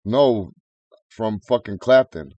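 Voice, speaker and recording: Deep, mellow man in crude banter. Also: takes it slowly, lo-fi sound. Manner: crude, joking, puts on silly voices. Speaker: podcast co-host. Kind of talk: casual profane banter.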